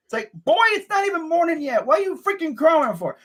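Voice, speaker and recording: A man's voice: very high-pitched, fast talker, few pauses. A young man vlogging as a sports fan, ranting casually and swearing a lot. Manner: animated, ranting, swears and says bruh a lot.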